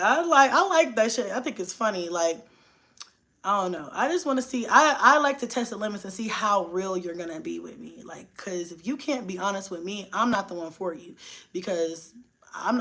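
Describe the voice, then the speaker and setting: A woman's voice: mid-range voice, pushed and bright. Blunt, laughing woman vlogger. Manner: blunt, profane, laughing often. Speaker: vlogger on a live stream. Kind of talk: casual live-stream chat.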